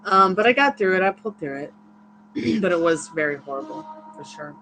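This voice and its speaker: A tired tarot reader hosting a livestream shares a long personal story, candid and rambling, laughing frequently in casual chat. Her voice is on the low side, a bit bright, with lively intonation and a slightly fast pace. Soft music plays behind a rough recording.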